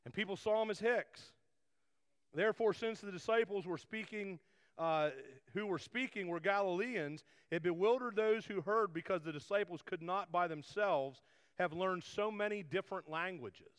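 High-voiced pastor in a reverberant hall. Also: male voice, normal speed, smooth. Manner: rambling with frequent restarts and asides. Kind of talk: conversational sermon.

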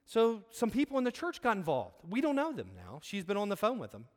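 A man's voice: sits high, big pitch swings, fairly quick. A man giving a sermon in an earnest, conversational way, telling a personal story with frequent restarts. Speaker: preacher. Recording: long reverb of a large hall.

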